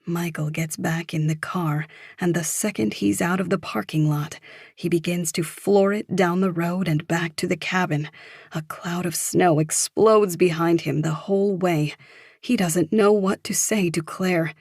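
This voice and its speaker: A woman with a very low voice reads a psychological thriller audiobook in a steady, measured way. The recording is dry and close, with no room sound. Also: creaky, slightly rough, no room sound. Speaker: audiobook narrator. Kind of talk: scripted thriller narration.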